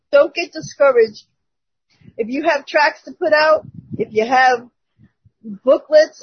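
A woman's voice: fairly high pitch, husky, no room sound. A woman casually telling a personal testimony to her church group, chatty and laughing between phrases, over a dull lo-fi call. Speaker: church member giving a testimony.

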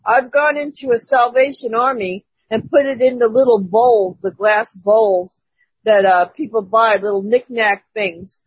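Woman, churchgoer giving a testimony, breathy and raspy, storytelling with little laughs, lo-fi dry line. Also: on the high side, a little slow, dry recording. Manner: chatty storytelling, laughs between phrases. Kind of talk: casual spoken testimony.

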